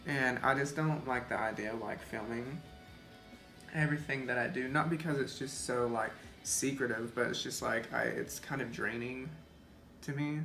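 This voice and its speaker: Chatty young man, casual makeup talk to a camera mic, gravelly, echoey home room. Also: mid-range voice, normal speed, bright, forceful tone. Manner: chatty and rambling, with many fillers of "like". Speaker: beauty vlogger. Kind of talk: casual get-ready-with-me chat while doing makeup. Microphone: camera mic, seated in front of the camera. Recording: echoey room with faint music.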